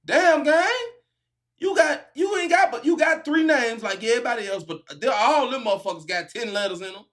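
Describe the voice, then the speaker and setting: High-pitched man reacting with slang. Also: a little fast. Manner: animated, laughing, profane slang, bursts of shouting. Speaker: reaction video host. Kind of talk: casual reaction commentary.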